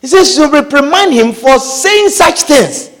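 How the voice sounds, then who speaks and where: A man's voice: extremely high pitch, lively intonation, unhurried, a bit bright. A man pastor preaching a sermon, acting out scripture quotes and everyday scenes with frequent laughter.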